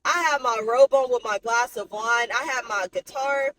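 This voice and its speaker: A woman's voice: a little high, moderate pace, a bit bright, slight background noise, low-quality recording. Chatty young woman vlogging. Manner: chatty, candid, addresses viewers as y'all and baby. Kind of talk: casual talk to camera.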